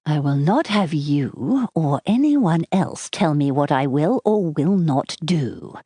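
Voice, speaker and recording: A cold, controlling glamorous woman from a storybook mystery, voiced by a female narrator. Her voice is low and mellow, silky but with a commanding edge. The recording is close and dry. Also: lively intonation, takes it slowly, husky, no echo, full character voice. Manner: silky, then sharp and commanding.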